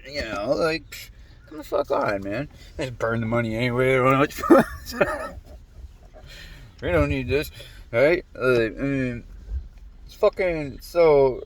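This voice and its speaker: Male vlogger, mid-pitched voice, swearing constantly, agitated rambling monologue full of restarts. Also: expressive, normal speed. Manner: profane, rambling, agitated ranting. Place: lives in a humid climate.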